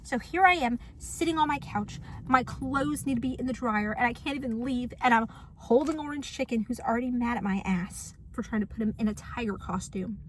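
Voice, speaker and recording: A woman's voice: fairly high pitch, a little fast, few pauses, a little hiss or hum. A young woman telling a story on her couch in a sassy, dramatic, mocking vlog style. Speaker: vlogger. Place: apartment living room.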